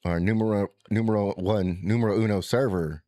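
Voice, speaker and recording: Low-voiced man spinning a rambling tale. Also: fairly quick, no room sound, studio quality. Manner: rambling, animated, profane, restarts often. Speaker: podcast co-host telling a trip story. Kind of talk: casual storytelling chat.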